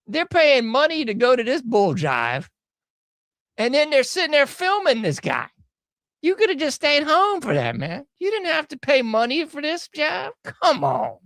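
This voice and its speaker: A man's voice: very high voice, fairly bright tone, no room sound, studio quality. A man hosting an online show, giving casual, mocking commentary on news clips in a slangy, laughing manner.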